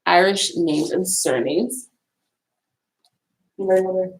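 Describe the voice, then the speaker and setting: A woman's voice: on the low side, measured pace, gravelly, poor audio. A woman vlogging casually from a college library, rambling and repeating herself as she shows off books. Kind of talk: casual talk showing books.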